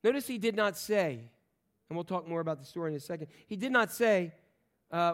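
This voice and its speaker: A man preaching a sermon, animated and playful, acting out voices in the stories he tells. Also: sits high, a little fast. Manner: animated, acts out voices in quotes, jokes with the congregation. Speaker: pastor.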